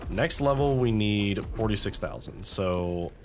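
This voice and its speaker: A man's voice: fairly low pitch, animated, measured pace, background noise. A man casually commenting as he plays a video game, thinking aloud through his choices with wry asides. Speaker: let's-play host.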